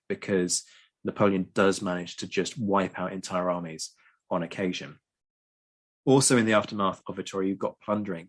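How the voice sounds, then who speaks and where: A man explaining history in a casual chat, lively and prone to ranting. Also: lowish voice. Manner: lively, ranting, frequent ums. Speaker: podcast co-host.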